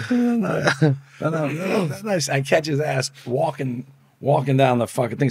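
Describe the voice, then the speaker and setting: A man's voice: a little high, takes it slowly, vocal fry, pauses often, breathy edge, no room sound, studio quality. A man telling his story in an interview, swearing a lot and acting out the voices of the people in it. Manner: profane, animated, acts out quoted dialogue. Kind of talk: casual storytelling.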